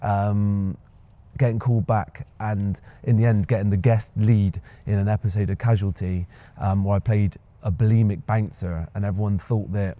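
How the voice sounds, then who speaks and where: A man's voice: lowish voice, steady tone, moderate pace, mellow. A young man, an actor being interviewed, talking reflectively with many ums and restarts. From Bristol, England. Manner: hesitant, many fillers and restarts. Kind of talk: reflective casual conversation.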